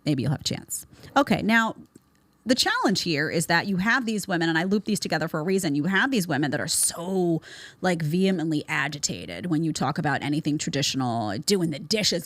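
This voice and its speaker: Woman, host, blunt sarcastic commentary, lowish voice, dry close sound. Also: animated, brisk, fairly bright tone, no room sound. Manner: blunt, sarcastic, mocking put-on voices in quotes. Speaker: show host. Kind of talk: opinionated commentary monologue.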